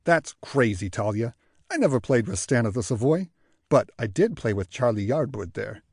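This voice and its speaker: Guy putting on a crotchety old new york sax player, loud and grumbly, pitch bouncing all over. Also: animated, gravelly, husky, dry recording, clean studio sound. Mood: grumbling. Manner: loud, grumbling, quick retorts.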